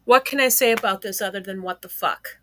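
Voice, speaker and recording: A woman's voice: mid-range voice, fairly quick, fairly bright tone, a little hiss or hum. A woman giving reaction commentary on a YouTube channel, blunt and indignant, swearing freely.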